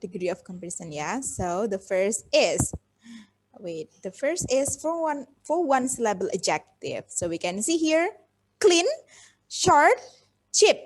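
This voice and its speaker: Young Indonesian-accented woman as a teacher, slightly high voice, asks the class questions as she goes. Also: big pitch swings, unhurried, a little hiss or hum. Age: young adult. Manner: code-switching, coaxing questions to the class. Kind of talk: micro-teaching grammar lesson.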